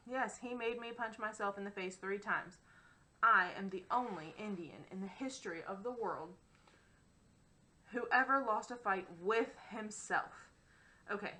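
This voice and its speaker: Bright woman reading a wry novel. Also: mid-range voice, rough recording. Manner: wry, expressive storytelling. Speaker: audiobook narrator. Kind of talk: first-person novel reading.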